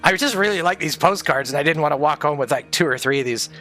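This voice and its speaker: A man's voice: fairly high pitch, expressive, fast talker, pushed and bright, faint music behind. A man streaming from home, grieving, talking candidly in a rambling, sweary way. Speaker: livestreamer. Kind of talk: casual livestream chat.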